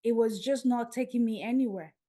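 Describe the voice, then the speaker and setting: Animated woman telling a story. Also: fairly high pitch, a little fast. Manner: animated, acts out dialogue. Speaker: podcast guest. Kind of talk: storytelling in an interview.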